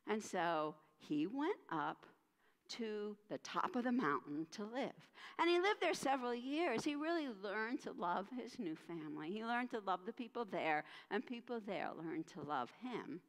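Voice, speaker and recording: A woman minister telling a story during a church service, dramatic and expressive, in a church with a long hall reverb. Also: medium pitch, measured pace.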